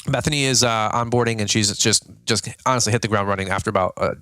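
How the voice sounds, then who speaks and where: A man running a lawn care channel talks to his viewers in a loose, rambling way, tossing in "dude" and "okay?" as he goes. He speaks quickly and chattily. His voice sounds close and dry, with no room around it. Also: fairly low pitch, bright, forceful tone, dry recording. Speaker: lawn care business host. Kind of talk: casual business update to viewers.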